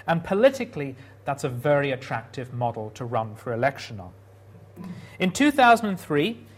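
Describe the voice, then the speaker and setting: A man giving a prepared public talk, telling stories in a wry way with dry humor. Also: fairly high pitch.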